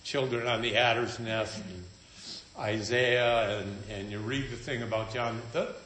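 A man's voice: mid-range voice, fairly even intonation, unhurried, fairly bright tone, a little hiss or hum. A man preaching a sermon in a conversational, storytelling manner with wry humor. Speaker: pastor. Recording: echoey room.

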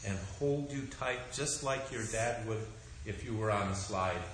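A middle-aged male pastor tells the children a story in an animated, expressive way, speaking slowly. His voice is low yet bright. It was recorded in a church with a very strong echo and faint background noise. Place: church sanctuary. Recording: echoey church room.

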